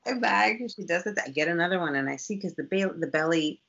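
Husky-voiced woman telling a lively story. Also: on the low side, quick pace. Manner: animated, lively, acts out quotes in other voices. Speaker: guest. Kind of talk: casual storytelling. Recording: dull lo-fi sound.

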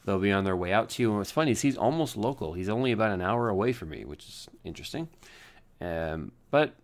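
A tired young man rambling through a low-energy daily vlog from home, joking at his own expense. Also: animated, fast talker. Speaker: vlogger.

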